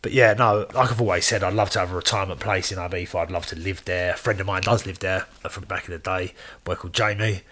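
A man chatting casually about his DJ and promoting days, relaxed and full of "yeah, mate". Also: deep voice, quick pace. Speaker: DJ and promoter, guest. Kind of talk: casual chat.

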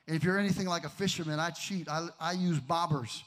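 A middle-aged man preaching a sermon, swinging from loud emphasis to hushed storytelling. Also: a little high, steady tone, quick pace, few pauses. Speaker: pastor.

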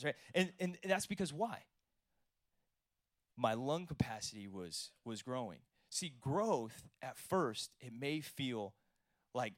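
A man preaching a sermon, telling stories with animated energy and swinging between soft, quiet lines and loud bursts. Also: medium pitch, a little slow, no echo, studio quality. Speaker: pastor.

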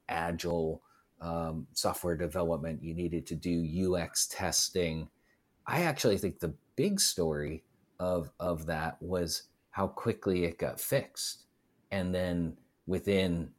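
Male podcast co-host, deep low voice, measured and reflective delivery. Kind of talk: casual conversational podcast.

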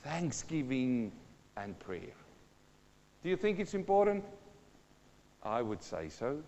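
A man's voice: medium pitch, very animated, takes it slowly, darkish tone, big-room sound, muffled recording. A middle-aged man preaching a sermon to a congregation, dramatic, asking questions and acting out sounds and voices. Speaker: pastor.

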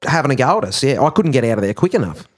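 Lively Australian host signing off. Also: male voice, mid-range voice, rapid-fire, breathy edge. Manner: genial, formal sign-off. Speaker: podcast host. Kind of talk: hosting a comedy podcast.

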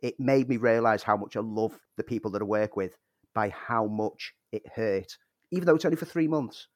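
A man's voice: fairly low pitch, moderate pace, no echo, studio quality. A man co-hosting a podcast, speaking earnestly in casual chat with a few stumbles. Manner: earnest, stumbles and restarts words. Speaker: podcast co-host.

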